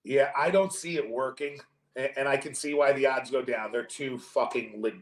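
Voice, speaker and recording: Joking, swearing young podcast host. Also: male voice, mid-range voice, normal speed. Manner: animated, swears a lot, jokey. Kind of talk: casual chat. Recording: roomy echo.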